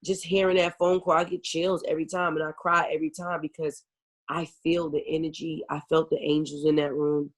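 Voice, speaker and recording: A woman's voice: deep voice, little pitch movement, a little fast. A woman singer, a guest on a talk show, speaking earnestly and emotionally over a video call and leaning often on "you know". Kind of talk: casual interview.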